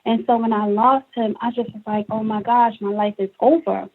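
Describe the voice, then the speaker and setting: Brooklyn-born woman, guest author, emotional animated storyteller, slightly high voice, tinny phone line. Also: normal speed. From Brooklyn, New York. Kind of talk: interview on a call-in talk show.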